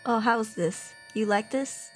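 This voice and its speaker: A woman's voice: a little high, slow. A woman hosting a livestream, chatting casually in a bubbly, giggly, slangy way while she sets up horror story reading. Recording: horror background music under the voice. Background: background music.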